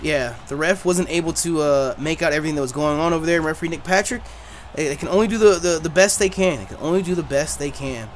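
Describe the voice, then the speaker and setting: A man's voice: a little high, quick pace, slight background noise. A man hosting a gaming stream, talking casually in slang, repeating himself and hyping up every moment. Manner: animated, slangy, repeats himself, hypes things up. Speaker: gaming channel host. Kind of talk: casual gaming commentary with playful role-play.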